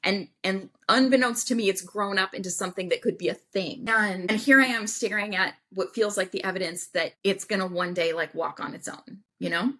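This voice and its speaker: Woman podcast guest, bright sharp voice, animated storytelling, does little voices for people. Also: medium pitch, a little fast, few pauses. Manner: animated, acts out quoted voices. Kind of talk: casual storytelling interview.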